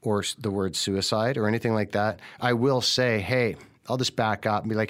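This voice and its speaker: Candid, lower-voiced man talking openly. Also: fairly even intonation, normal speed, a bit bright. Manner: candid and earnest, swears freely, acts out quoted speech. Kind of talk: casual podcast conversation.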